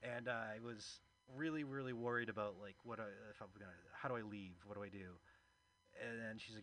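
A man's voice: mid-range voice, fast, bright, forceful tone. A man doing stand-up at a comedy venue, telling a story and acting out the quoted voices. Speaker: comedy show host and stand-up comic. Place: comedy venue, live audience.

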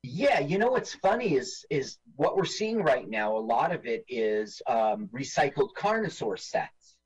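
A man's voice: mid-range voice, measured pace, breathy edge, dull audio. A man co-hosting a podcast, chatting casually and jokingly while watching a movie together. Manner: animated, jokey, mimics lines in silly voices. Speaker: podcast co-host.

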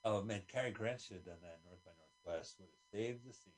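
A man's voice: lowish voice, fast. A man co-hosting a podcast who chats casually about a movie and makes wry jokes. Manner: wry, joking comments. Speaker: podcast co-host.

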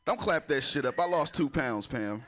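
A man's voice: mid-range voice, expressive, normal speed, fairly bright tone, slight background noise. A man doing a crude stand-up comedy set, laughing at his own jokes and talking in a loose, chatty way. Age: adult with a son. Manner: loose, chatty, keeps asking "you know".

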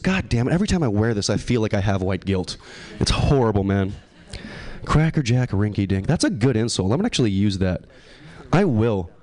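Profane, self-deprecating young man at an open mic. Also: medium pitch. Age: 20s. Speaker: stand-up comedian. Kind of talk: open mic stand-up set. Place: open mic comedy show.

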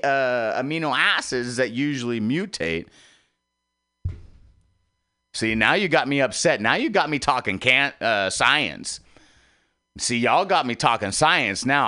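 A man hosting an internet radio show, talking in a rambling, emotional monologue that repeats itself and swings from loud outbursts to hushed asides. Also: mid-range voice, expressive, a little slow, smooth. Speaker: podcast host.

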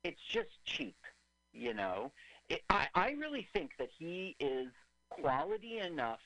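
A man's voice: fairly high pitch, wildly swooping pitch, a little slow, creaky, sharp tone, low-quality recording. A man co-hosting a radio podcast, chatting casually and with opinions about a movie they are watching, laughing often. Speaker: podcast co-host. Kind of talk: casual movie riffing chat.

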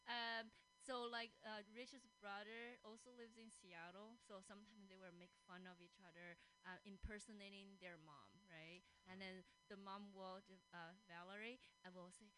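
A woman's voice: medium pitch, steady tone, normal speed, few pauses, sharp tone, a little hiss or hum, low-quality recording. A woman hosting a podcast, chatting casually, laughing often and talking with many fillers and restarts. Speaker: podcast host. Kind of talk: casual chat.

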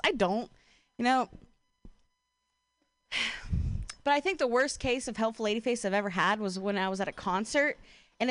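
Young woman, stand-up comic, higher voice, dry close sound, rambling profane delivery, self-mocking. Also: no echo. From Ohio, USA. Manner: casual, profane, self-deprecating, lots of "like" and "you know". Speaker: stand-up comedian. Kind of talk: stand-up comedy set.

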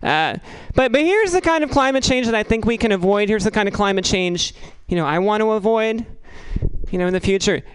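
A woman performs stand-up in a rambling, halting style, dropping crude asides with a deadpan delivery. Her mid-range voice has a clean tone despite poor audio quality.

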